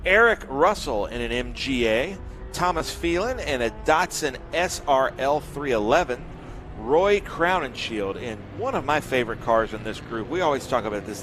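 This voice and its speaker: A man's voice: mid-range voice, noisy background. A man doing live race commentary, joking around and reeling off long lists of drivers and cars.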